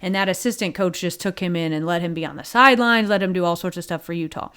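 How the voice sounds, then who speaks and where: A woman co-hosting a podcast, talking casually and with animated disbelief, often laughing as she talks. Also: lowish voice, fast, clean tone. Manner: animated, incredulous, laughing asides. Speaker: podcast co-host. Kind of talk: casual chat.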